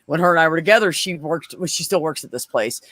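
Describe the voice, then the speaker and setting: A man's voice: a little high, fast talker, no room sound. A man co-hosting a podcast, telling a story in casual chat, swearing a lot and acting out quoted voices. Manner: animated, profane, acts out quoted voices.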